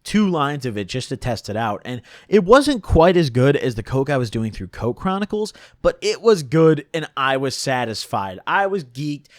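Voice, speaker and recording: Animated young man telling a story. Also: a little high, no echo, clean studio sound. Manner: slangy, animated, laughs often. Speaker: streamer and storyteller. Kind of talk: casual storytime.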